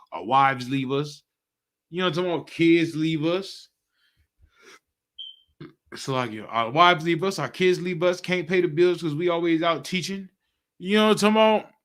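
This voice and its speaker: High, bright-voiced man preaching in slang. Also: normal speed, pauses often. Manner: animated, street slang, repeats "you know what I'm talking about". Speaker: teacher leading a live-streamed scripture class. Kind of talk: casual slangy preaching commentary.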